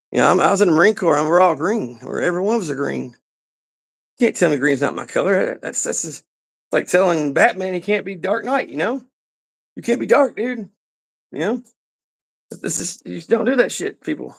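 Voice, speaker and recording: A high-voiced man with a gravelly edge and a Southern Kentucky drawl shows viewers around his garage. His talk is loose, rambling and full of swearing and jokes. The sound is dry and close. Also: a little fast, pauses often, dry recording. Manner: rambling, profane and joking. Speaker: garage channel host. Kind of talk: casual garage walkthrough.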